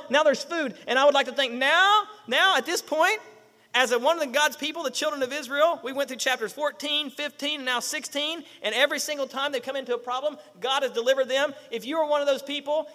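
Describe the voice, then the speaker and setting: High, bright-voiced preaching man in a reverberant hall. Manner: animated preaching with acted-out quotes and rhetorical questions. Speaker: pastor. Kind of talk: sermon.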